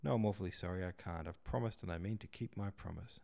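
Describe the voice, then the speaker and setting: Stiff, evasive young man, low dark voice, read by a male narrator. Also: fast talker, vocal fry. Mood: sullen. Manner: stiff, sullen replies.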